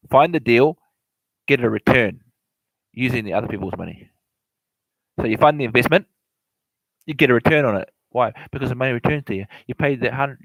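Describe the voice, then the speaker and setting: Fast-talking man who stumbles and repeats himself, casual real estate explainer in a dry, close sound. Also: mid-range voice, a bit bright, no room sound, low-quality recording. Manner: repetitive, stumbling, laughs often.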